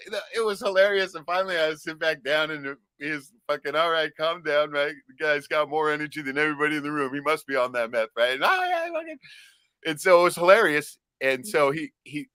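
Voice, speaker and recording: Male podcast co-host from Alaska, bright higher voice, profane rambling tales. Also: clean tone, dry recording. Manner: profane, rambling storyteller with loud acted-out shouts. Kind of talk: casual podcast chat.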